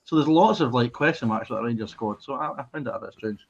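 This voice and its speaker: A Scottish man rattles through his football opinions at speed on a casual podcast. His video-call audio comes through dull and lo-fi, with a middle pitch. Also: fast, creaky, slightly rough. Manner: talks while eating, chatty. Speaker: podcast co-host.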